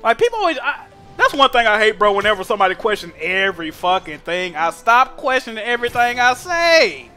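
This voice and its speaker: Animated, high-voiced young male streamer. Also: a little fast, few pauses, soft background music. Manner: animated, profane, slang-heavy storytelling. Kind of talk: casual chat while gaming.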